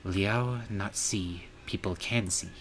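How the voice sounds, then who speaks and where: A man's voice: low-pitched, fairly bright tone, full character voice. Man doing a terse clouded leopard spirit. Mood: blunt. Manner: halting, clipped broken phrasing. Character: taciturn male clouded leopard spirit, terse broken speech.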